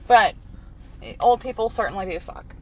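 A woman's voice: a little high, moderate pace, a little mellow, rough recording. A woman in her thirties co-hosts a loose podcast chat. She talks bluntly, swears freely and breaks into laughs. A faint hum of ambience sits behind her. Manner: blunt, profane, laughs often. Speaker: podcast co-host.

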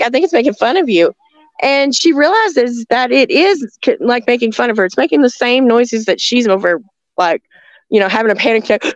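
A woman telling stories in a rambling, halting way, with many restarts, talking from a rural home near the woods. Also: a little high, no room sound, highs cut off. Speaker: guest telling encounter stories. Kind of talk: casual storytelling on a call-in show.

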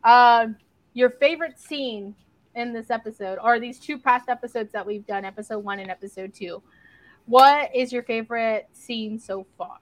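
Woman, slightly high voice, dry close sound, slangy laid-back podcast chat. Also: normal speed, no room sound, rough recording. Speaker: podcast co-host. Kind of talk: casual chat.

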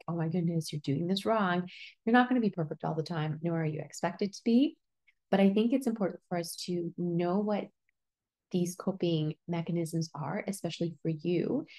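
With a dark voice on the low side, this young solo host of a personal-growth podcast keeps things casual and reassuring, sprinkling in plenty of "like."

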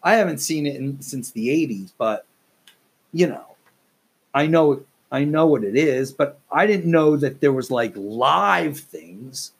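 A man's voice: on the high side, measured pace, slightly rough. A man hosting a solo podcast, ranting in a profane, exasperated, rambling way. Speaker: podcast host.

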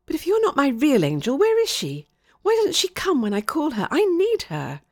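A woman voicing an anxious young girl who is quick to suspect a trick and pleads when upset. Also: mid-range voice, big pitch swings. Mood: pleading.

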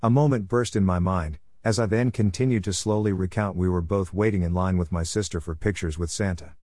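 A man's voice: deep voice, steady tone, fairly quick, mellow, dry recording. A man narrating a personal story in the first person, in a reflective, wistful way.

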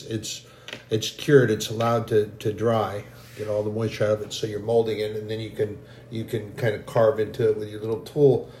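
A man giving an emotional, halting sermon testimony as a lay preacher. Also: fairly low pitch, darkish tone, roomy sound, a little hiss or hum. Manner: slow, halting, grows emotional and choked.

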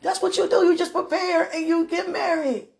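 A woman lying in bed, praying aloud in a moaning, pleading way, drifting between hushed whispers and loud protests. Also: very high voice, fairly even intonation, moderate pace, vocal fry, slight background noise. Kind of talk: emotional spoken prayer monologue.

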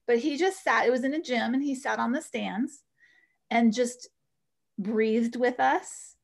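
Woman guest, yoga teacher, slightly high gravelly voice, animated storyteller. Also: a little slow. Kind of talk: storytelling in an interview.

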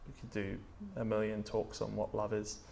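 Telling stories in a relaxed sermon, a young English preacher rambles chattily, leaning heavily on "like" and "um". He speaks at normal speed in a low, gravelly, darkish voice with a completely flat delivery.

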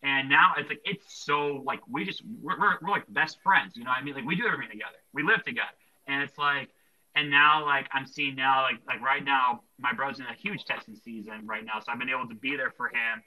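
A man's voice: medium pitch, a little fast, sharp tone, rough recording. A young man hosting a casual Christian podcast, talking earnestly and rambling with lots of fillers and restarts. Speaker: podcast host.

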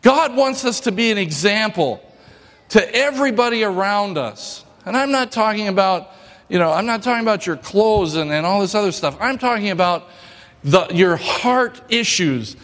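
A male pastor giving a sermon in a church, joking and telling stories in a lively way. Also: sits high, normal speed, in a large hall.

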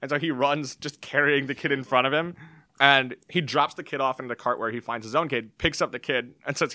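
A man's voice: mid-range voice, steady tone, fast, bright, forceful tone, no echo, clean studio sound. A man co-hosting a casual film discussion, recounting scenes with wry jokes.

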